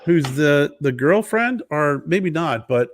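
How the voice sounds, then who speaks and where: A man co-hosting a podcast in casual chat, telling animated stories with frequent laughs and restarts. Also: a little high, slow. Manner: animated storyteller, laughs often, rambling restarts. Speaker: podcast co-host.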